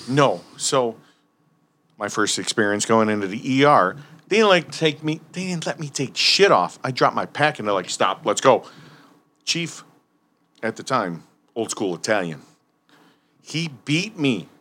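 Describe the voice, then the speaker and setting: Man, casual storytelling, profane, lively pitch. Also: unhurried, pauses often. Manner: animated, profane, acts out quotes. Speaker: firefighter guest telling stories.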